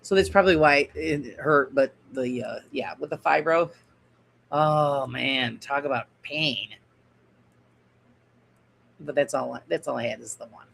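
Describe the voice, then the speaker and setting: A woman's voice: rumbling low, a little slow, vocal fry, pauses often, a bit bright, slight background noise, low-quality recording. A woman hosting a casual miniature-crafting stream, chatting in a rambling way and answering viewer comments as she builds. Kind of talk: casual craft livestream chat.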